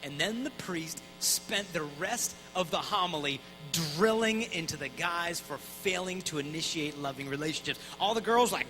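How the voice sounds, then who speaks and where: A man in his thirties giving an energetic, conversational talk at a conference, acting out voices in his stories. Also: on the high side, moderate pace, soft background music, low-quality recording. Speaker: Catholic speaker. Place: conference hall.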